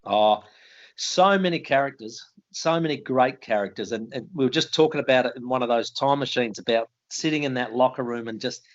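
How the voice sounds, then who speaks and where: A man's voice: mid-range voice, a little fast, muffled recording. Australian man spinning footy yarns. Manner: yarn-spinning, colloquial, laughs at his own stories. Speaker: retired footballer guest. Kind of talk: casual interview chat.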